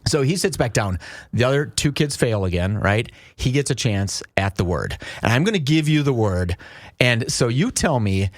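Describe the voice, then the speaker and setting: A man's voice: medium pitch, sing-song, moderate pace, no room sound. A man hosting a talk show, casually recounting a story and quizzing his co-host.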